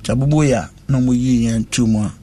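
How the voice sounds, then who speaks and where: A man recounting a personal ordeal in conversation, speaking slowly and earnestly. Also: mid-range voice, warm tone. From West Africa. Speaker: interviewee.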